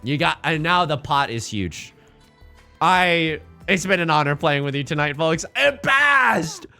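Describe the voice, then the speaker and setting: A man streaming a live card-and-tile game, commenting in a jokey, animated way with dramatic outbursts. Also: a little high, normal speed, clean tone, faint music behind.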